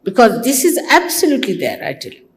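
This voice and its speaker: A woman's voice: on the high side, wildly swooping pitch, quick pace, a little hiss or hum. An older woman from India, a spiritual teacher giving a conversational devotional talk to her followers, teasing and mimicking others. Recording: archival talk recording.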